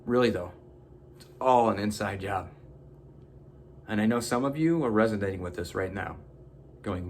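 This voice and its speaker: A man's voice: fairly low pitch, moderate pace, long pauses, slight background noise. A man giving an earnest, preachy motivational self-help talk, swearing casually. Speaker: motivational vlogger.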